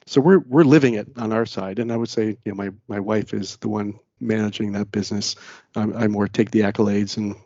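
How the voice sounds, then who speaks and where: A man's voice: on the low side, steady tone, a little fast, a little mellow, no room sound, muffled recording. A talkative American man who is a guest on a podcast. He chats casually and rambles, with lots of fillers and restarts. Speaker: podcast guest, managing director. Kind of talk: casual interview chat.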